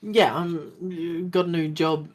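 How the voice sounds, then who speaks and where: A man's voice: fairly high pitch, fairly even intonation, slow pace. An Australian man chatting casually on a game stream, rambling with lots of fillers.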